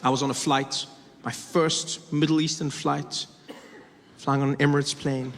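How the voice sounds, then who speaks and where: A man performing a stand-up comedy set, animated and laughing as he tells his stories. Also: fairly high pitch, measured pace. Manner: animated, laughing, shifts into voices. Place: live comedy stage. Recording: echoey live venue, faint noise.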